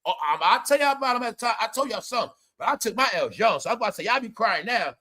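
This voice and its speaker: A man hosting a livestream, talking loudly in rambling, profane commentary, often saying "y'all". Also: extremely high pitch, expressive, very fast. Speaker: livestream host. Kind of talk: profane stream-of-talk commentary.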